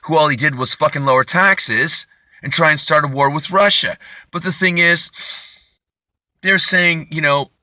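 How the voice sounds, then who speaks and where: A man with a very bright, cutting voice ranting in a rambling comedy monologue. He curses freely and sounds indignant, pitched a touch high. The sound is dry and close. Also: dry recording. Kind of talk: profane comedic rant.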